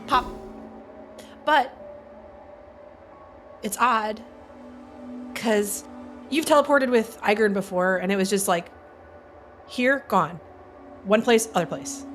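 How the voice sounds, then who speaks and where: A woman's voice: mid-range voice, slow pace, pauses often, fairly bright tone, faint music behind. A woman running a tabletop role-playing game as game master, narrating playfully and often laughing.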